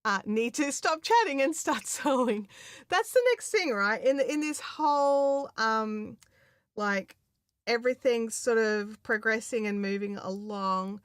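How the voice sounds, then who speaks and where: An Australian woman with a fairly high voice hosts a craft livestream at a measured pace, in studio-quality sound with no echo. She chats casually and reads out viewer comments, rambling with plenty of fillers and laughing often.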